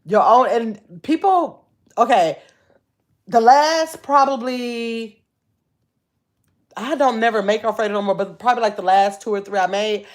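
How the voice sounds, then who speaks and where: A middle-aged woman hosting a casual livestream, chatting easily and reading viewer comments aloud with frequent pauses to look. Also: fairly high pitch. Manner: chatty and easygoing, with frequent "let me see" pauses while reading. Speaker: channel host.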